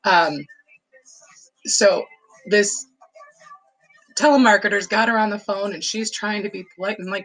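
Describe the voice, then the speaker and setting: A woman's voice: mid-range voice, normal speed, long pauses, a bit bright, low-quality recording. A woman casually telling a nostalgic family story, rambling with lots of fillers and laughs. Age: adult. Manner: fond, nostalgic recollection.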